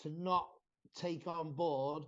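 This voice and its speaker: Man, bodybuilder, high-pitched voice, blunt, swearing, dull lo-fi sound. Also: steady tone, slow pace. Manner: blunt, swearing, matter-of-fact. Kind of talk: casual chat.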